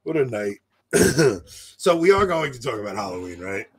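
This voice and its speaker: A man co-hosting a casual livestream chat, loud and often laughing as he tells stories into a close desk mic. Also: medium pitch, big pitch swings, moderate pace, breathy edge. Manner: loud, laughs a lot while telling stories. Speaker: podcast co-host. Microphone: desk mic close to face.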